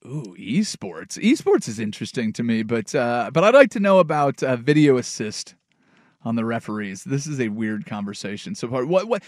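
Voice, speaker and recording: A man's voice: medium pitch, very animated, moderate pace, dry recording, clean studio sound. Playful male sports radio host. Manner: loud, playful, rambling. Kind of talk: comedic radio sports talk.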